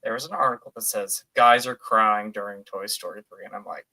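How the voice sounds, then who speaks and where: A young man chats casually on a podcast with a bright, forward voice. He is animated and laughs easily, and he acts out his own reactions as he talks. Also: on the low side, a little fast. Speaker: podcast co-host. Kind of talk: casual chat.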